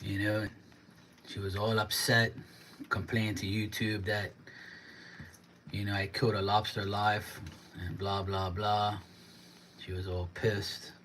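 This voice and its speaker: A man's voice: lowish voice, little pitch movement, slow, pauses often, a bit bright, a little hiss or hum. A man livestreaming from his home kitchen, chatting casually and ranting bluntly while he cleans up and preps lobsters. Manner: blunt, ranting, swears freely.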